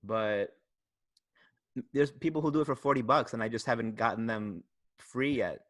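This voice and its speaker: A man's voice: medium pitch, normal speed, fairly bright tone, no echo, studio quality. A man, a comedian guest on a podcast, telling a story in loose, rambling casual chat. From Houston, Texas. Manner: rambling, self-interrupting, loose.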